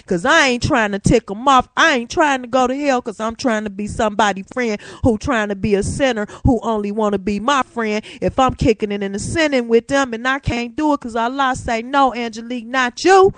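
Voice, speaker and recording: A woman hosting her own talk show from her room, preaching and testifying in an animated way with African American Vernacular English. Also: a little high, fairly quick, few pauses, no room sound. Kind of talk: casual religious talk show monologue.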